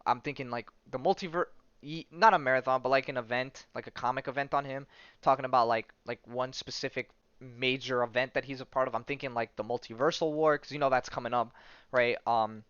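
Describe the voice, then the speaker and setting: A man in a casual podcast monologue speaks in a smooth, clean voice at a middle pitch. He keeps a loose, chatty flow, with plenty of fillers and the odd curse word. The recording is dry and a little dull. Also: steady tone, a little fast, a bit bright, no echo. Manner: loose and chatty, many fillers, tag questions and swearing. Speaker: podcast host. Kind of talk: casual podcast monologue retelling a comic story.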